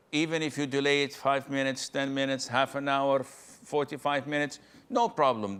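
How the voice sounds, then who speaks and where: A sheikh walks a listener through a ruling at an unhurried pace. His voice sits at an ordinary pitch, and he lays out each step plainly and patiently. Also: a bit bright. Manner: patient, explanatory, slow and deliberate. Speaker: sheikh answering questions. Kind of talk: Islamic Q&A answer.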